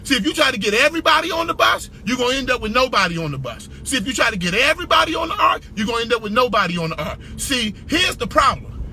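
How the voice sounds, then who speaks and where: Male motivational speaker; piercingly bright, high voice, emphatic repetition, punchy shouts. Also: very animated, fast, a little hiss or hum. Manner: preacher-like call-and-response. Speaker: business speaker. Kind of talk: motivational talk.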